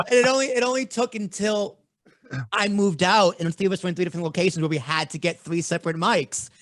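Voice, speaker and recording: Through a studio microphone with no echo comes the high-pitched, bright, forceful voice of a thirtysomething podcast host from Boston, USA. He talks at normal speed in a Boston accent, running his interview in a brash, blunt, casual manner.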